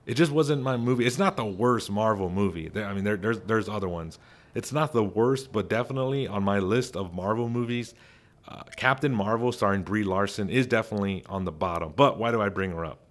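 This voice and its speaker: A man hosts his own commentary show in a fairly low voice. He talks in a casual, chatty way and puts strong emphasis on his opinions. He sounds animated and speaks freely. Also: brisk. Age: adult father. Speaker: commentary host.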